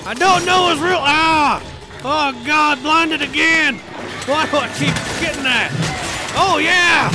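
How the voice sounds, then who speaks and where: A man playing a high cranky old-timer hunter. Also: takes it slowly. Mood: boastful. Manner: folksy grumbling, cries dadgummit. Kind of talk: comedic gameplay commentary in character. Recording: game music under voice. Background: video game music.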